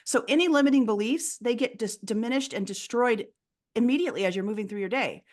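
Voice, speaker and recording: A woman's voice: a little high, fast talker, darkish tone. A woman talking as a guest in an interview, explaining her approach earnestly and acting out quoted people along the way. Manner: earnest, explanatory, often acts out quoted voices. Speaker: guest, fear coach. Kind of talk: casual interview talk.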